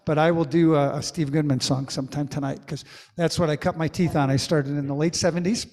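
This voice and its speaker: A man's voice: on the high side, fairly even intonation, brisk, darkish tone, long reverb tail. A man in his sixties who sings and jokes, telling rambling stories between songs on a live-streamed comedy music show. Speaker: singer-songwriter and comedy host.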